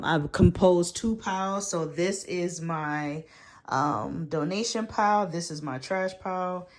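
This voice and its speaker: Young woman, casual vlog, rambling, slangy, self-mocking, low-ish voice, bedroom at night. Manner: rambling, laughs at herself, slangy. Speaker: vlogger. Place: her bedroom at home.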